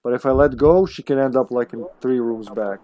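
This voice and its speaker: A man's voice: mid-range voice, brisk, dark tone, a little hiss or hum. A man streaming a video game, joking, swearing and talking to his teammates in casual commentary.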